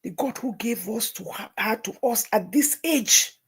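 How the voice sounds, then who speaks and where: A middle-aged woman, hosting a livestream and telling a personal story, moving between hushed near-whispers and tearful outbursts. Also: on the high side, expressive, unhurried. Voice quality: gravelly, very husky voice. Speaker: livestream host.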